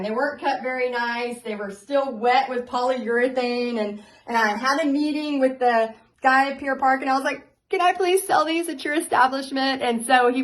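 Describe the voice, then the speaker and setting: A woman, a paint party instructor telling her story to viewers in a candid, animated way, laughing often. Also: on the high side, low-quality recording.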